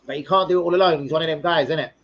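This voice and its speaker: A man's voice: fairly high pitch, very fast, fairly bright tone, muffled recording. A man hosting a casual football live stream, rambling, swearing freely and bantering with viewers as he reads comments.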